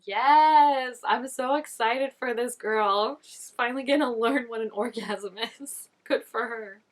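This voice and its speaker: A woman's voice: a little high, measured pace. A young woman hosting a reaction video, chatting casually and gushing over each scene, with lots of "like" fillers. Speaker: reaction channel host.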